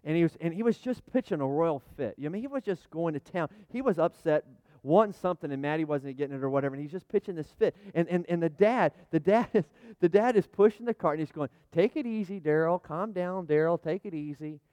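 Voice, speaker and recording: Man, middle-aged pastor, chatty sermon, slightly high voice, calls for amens. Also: expressive, fast, dark tone, no room sound. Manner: chatty, folksy, full of restarts and asides; jokes with the congregation, calls for amens. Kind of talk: conversational sermon with props.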